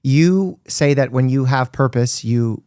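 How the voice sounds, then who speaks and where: A man's voice: medium pitch, a little slow, a little mellow, clean tone, no echo, studio quality. A man hosting a podcast, asking curious, friendly questions in conversation. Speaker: host. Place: recording studio.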